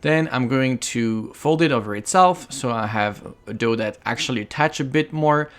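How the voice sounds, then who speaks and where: A man's voice: medium pitch, normal speed. A man with a French accent, a chef hosting his own cooking tutorial, chatty and playful as he explains each step. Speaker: chef and cooking show host.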